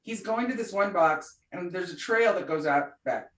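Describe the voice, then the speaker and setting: A podcast co-host with a lowish voice tells a story in casual chat at normal speed, animated and chatty, acting out the voices of the people involved. The recording is echoey, with a distant mic.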